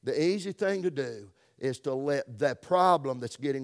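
A middle-aged man with a Southern US accent, preaching a folksy, emphatic sermon that swings between loud stresses and soft, drawn-out words. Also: medium pitch, lively intonation. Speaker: pastor.

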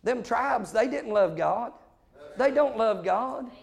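High-pitched, gravelly preacher man. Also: animated. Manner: shouting, rapid-fire with frequent amens. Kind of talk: fiery Pentecostal-style sermon.

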